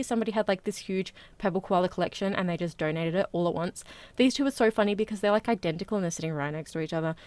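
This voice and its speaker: A woman hosting a casual haul vlog, bubbly and chatty, talking fast and gushing over her finds. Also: mid-range voice, no room sound. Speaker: plush collecting vlogger.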